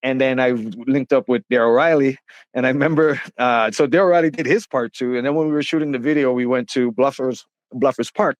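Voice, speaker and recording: A man's voice: mid-range voice, a little fast, no echo. A middle-aged man telling stories in a casual interview, rambling with many fillers and restarts. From Canada. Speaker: interview guest, rapper.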